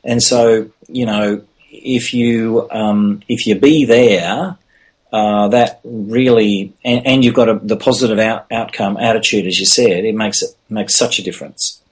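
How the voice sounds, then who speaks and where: Guest, male, low husky voice, earnest and repetitive. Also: fairly even intonation, measured pace. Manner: earnest, many restarts and "you know". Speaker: podcast guest. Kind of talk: casual interview talk.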